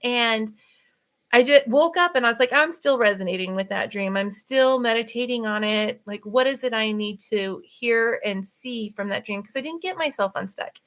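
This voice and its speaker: A middle-aged woman hosting a casual spiritual talk, talking fast and animated, laughing often. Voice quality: voice runs high. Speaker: author and podcast host.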